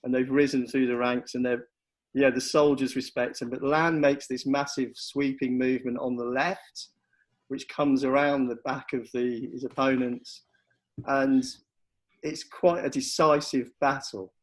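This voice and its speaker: A man's voice: medium pitch, flat delivery, unhurried, low-quality recording. A man on a casual podcast, eagerly explaining historical campaigns and tactics. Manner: enthusiastic, explanatory, with frequent restarts. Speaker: history guest explaining battles. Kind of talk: casual chat.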